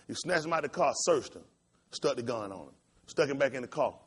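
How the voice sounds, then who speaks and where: Impassioned preacher with a lively, swooping voice. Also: male voice, fast, gravelly, slightly rough. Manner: impassioned storytelling, swinging between loud high outbursts and low quiet asides. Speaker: pastor. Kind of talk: sermon.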